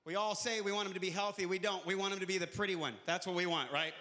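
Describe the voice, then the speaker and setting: Male stand-up comedian, high bright voice, punchy crowd work, echoey hall. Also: steady tone, fast talker.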